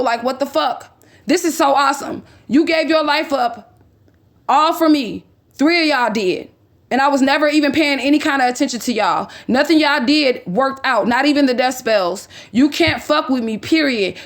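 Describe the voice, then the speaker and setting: A woman from St. Louis recording an emotional vlog. She is upset and agitated, blunt and profane, and keeps adding emphatic "okay?" asides. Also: high-pitched. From St. Louis, USA. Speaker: vlogger. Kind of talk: emotional vlog recounting old messages.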